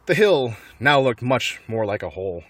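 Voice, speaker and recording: A man reading a children's book aloud in an animated way, with light laughs. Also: medium pitch, normal speed, dry recording. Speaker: narrator.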